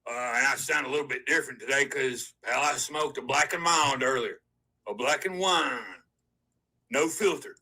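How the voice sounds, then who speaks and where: A man voicing a smoky-voiced woman calling in, who talks in a halting, rambling way. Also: medium pitch, pushed and bright, husky, low-quality recording.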